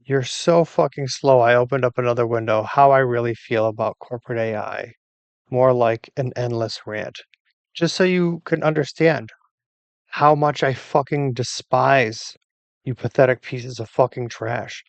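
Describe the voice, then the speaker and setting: Brief: furious man hurling profane insults, dry close sound, mid-pitched. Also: measured pace, gravelly, no echo, highs cut off. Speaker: user arguing with an AI assistant. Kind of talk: angry rant.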